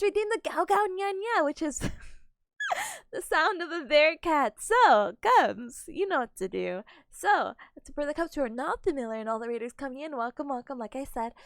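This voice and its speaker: A woman's voice: very high voice, fairly bright tone, no room sound, clean studio sound. A young adult woman streaming, chatting casually and greeting her chat in a bubbly, giggly way.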